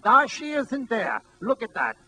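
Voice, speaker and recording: A man voicing a brash male sideshow barker from the 1930s, loud and showy, on a stage before a live audience. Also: wildly swooping pitch, moderate pace, breathy edge, full character voice, rough recording. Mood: hawking. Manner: loud, showy pitchman patter.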